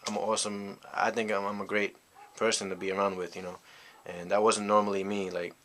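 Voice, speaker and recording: Low, flat-voiced young man telling a story. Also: a little fast. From United States. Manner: rambling, reflective, heavy on "you know" fillers. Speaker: vlogger. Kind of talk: casual storytelling monologue.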